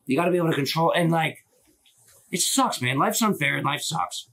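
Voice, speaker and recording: Here a man livestreams into his phone, offering casual, rambling opinions laced with swearing and filler words. His pitch runs fairly high, his tone is a bit bright, and he talks briskly and with animation.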